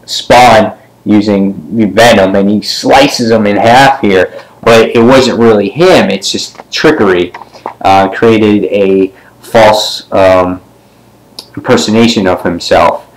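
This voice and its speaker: A man giving a casual comic book review, retelling the story in a rambling way with many fillers and sometimes jumping up in pitch to act out a character's line. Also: slow pace, rough recording. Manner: briefly acts out characters' lines with pitch jumps.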